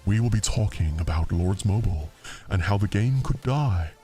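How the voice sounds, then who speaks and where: A man using a voice changer to play a deep-voiced late-night radio host, announcer-style. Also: lively intonation, warm tone, soft background music. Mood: announcing. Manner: slow, announcer-style delivery. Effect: voice changer lowering pitch.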